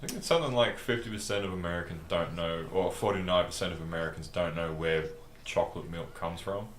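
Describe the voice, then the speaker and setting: A man's voice: deep voice, quick pace, a little hiss or hum. A young man chatting casually during a let's play, with dry, blunt banter. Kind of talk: casual gaming chat. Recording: echoey room.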